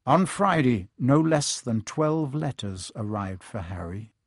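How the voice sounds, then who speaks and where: Expressive man reading a storybook. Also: medium pitch, measured pace, slightly rough, no room sound, clean studio sound. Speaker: audiobook narrator. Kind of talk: scripted storybook narration.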